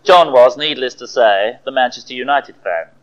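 A man preaching a sermon, telling stories with animated, dramatic delivery. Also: medium pitch, moderate pace. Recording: dull lo-fi recording.

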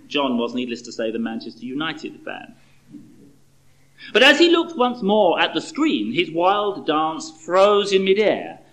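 A middle-aged man preaching with a lively voice that swoops up and down, set a little above the usual male pitch. He moves from storytelling into rhetorical questions, conversational and animated throughout the sermon. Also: poor audio.

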